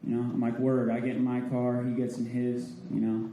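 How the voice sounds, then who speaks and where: A man in his twenties doing a stand-up comedy set in a theatre, telling stoner stories with a laid-back, deadpan delivery. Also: medium pitch, a little fast, a little hiss or hum. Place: theatre stage with audience. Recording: roomy theatre live recording. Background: audience laughter.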